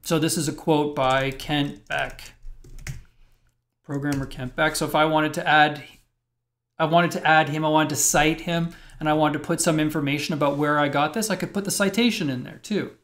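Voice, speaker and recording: A man's voice: a little high, fairly even intonation, moderate pace, a bit bright. A man teaching web programming in a screencast lecture, thinking aloud and explaining step by step as he types.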